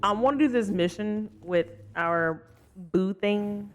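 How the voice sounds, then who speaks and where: A game streamer casually chatting with live viewers while playing, expressive and apologetic, swinging between loud exclamations and soft mutters. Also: mid-range voice, slow pace, soft background music. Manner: chatty and sympathetic, reacting to chat with frequent apologies.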